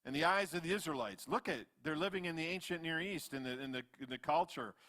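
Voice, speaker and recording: A man in his fifties, a pastor preaching a sermon in church, swinging between loud animated retellings and quiet asides. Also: on the high side, fast. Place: church sanctuary.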